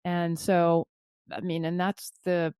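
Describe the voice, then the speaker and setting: A woman's voice: on the low side, level tone, slow, darkish tone, clear, resonant tone, no echo, studio quality. A woman hosting a podcast interview. She reflects aloud in a conversational way, often breaking off and restarting her phrases. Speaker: podcast host.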